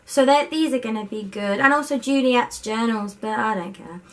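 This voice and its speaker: Young woman, slightly high voice, excitable book-vlog chatter to camera. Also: normal speed. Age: young adult. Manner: bubbly and overexcited. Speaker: book vlogger. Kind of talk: casual chat to camera. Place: student bedroom at her university home. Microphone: camera set up by herself.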